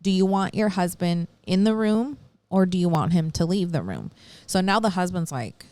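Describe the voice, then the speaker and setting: A woman with a fairly low voice recounts a true-crime case in easygoing chat, slipping into the voices of the people she quotes. Her delivery is animated and blunt, with casual swearing. The sound is close and dry, with no room around it. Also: normal speed, dry recording. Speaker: podcast co-host.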